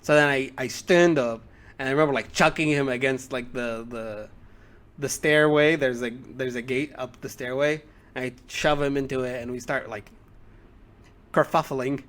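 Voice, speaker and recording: A man's voice: mid-range voice, steady tone, normal speed, fairly bright tone. A young man telling school stories on a casual podcast, rambling with many fillers and acting out quotes. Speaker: podcast co-host. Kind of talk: casual storytelling.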